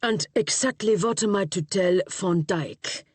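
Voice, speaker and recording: A man's voice: sits high, unhurried, slightly rough, no room sound. A woman voicing a male police chief who talks in a dry, matter-of-fact way. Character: Interpol chief, male boss, brisk and political.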